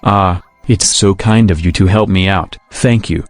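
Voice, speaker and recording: A man's voice: deep voice, measured pace, no room sound, soft background music. A man voicing a cheerful, curious young female bee in a storybook reading.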